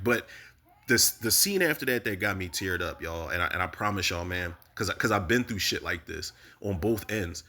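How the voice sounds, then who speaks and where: A man casually recapping a TV episode, animated and profane, talking straight to his viewers. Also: on the low side. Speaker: TV recap host.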